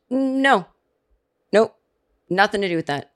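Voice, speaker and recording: A woman's voice: mid-range voice, lively intonation, moderate pace, fairly bright tone. A middle-aged woman hosting a comedy podcast, delivering a sarcastic, profane comedic rant. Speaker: podcast host. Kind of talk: comedic monologue.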